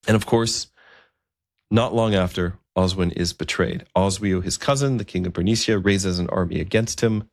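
A man's voice: low-pitched, vocal fry, no room sound, studio quality. A man narrating a story in a conversational way, with fillers and asides.

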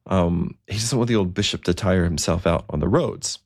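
A man tells a historical story in a conversational, unhurried manner, pausing now and then on fillers. His voice is very low and gravelly, close and dry, with no room sound around it. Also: no echo.

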